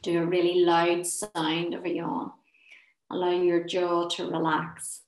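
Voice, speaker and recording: A woman leading a guided laughter and relaxation session. She gives gentle, encouraging, soothing instructions. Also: on the low side, monotone, slow pace, reverberant, low-quality recording. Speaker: wellness session leader.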